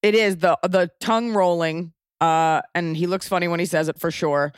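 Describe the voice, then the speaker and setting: A woman's voice: lowish voice, fairly even intonation, normal speed, clean tone, no echo, studio quality. A woman hosting an interview, with a gushing, giggly and candid way of talking. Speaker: podcast host. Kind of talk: casual interview chat.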